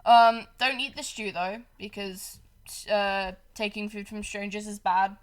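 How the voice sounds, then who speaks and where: A woman playing a tabletop gamebook, chatting casually and thinking out loud. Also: medium pitch, steady tone, unhurried, clear, resonant tone. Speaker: player. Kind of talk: casual chat.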